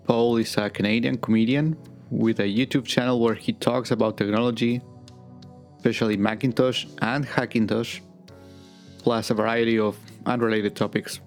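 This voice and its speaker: A man hosting a podcast interview, speaking in a measured, halting way as he searches for words. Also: mid-range voice, steady tone, faint music behind. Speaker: podcast host.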